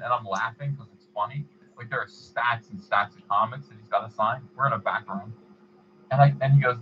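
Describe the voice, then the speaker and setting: A man hosting a livestream, chatting casually and reading donations, in a rambling, halting way. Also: medium pitch, muffled recording, a little hiss or hum. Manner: rambling, halting, many fillers and restarts. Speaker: livestream host.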